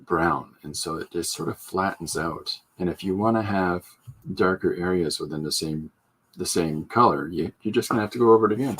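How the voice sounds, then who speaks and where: A man's voice: low voice, a bit bright, slightly rough. A man hosting a live stream, chatting loosely as he demonstrates comic inking and coloring, rambling and joking with many fillers. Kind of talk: casual live drawing demonstration.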